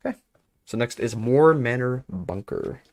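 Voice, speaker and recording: A man's voice: mid-range voice, animated, unhurried, no room sound, clean studio sound. A man streaming live, chatting with his viewers and reading aloud as he goes. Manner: chatty, reads aloud, talks to chat.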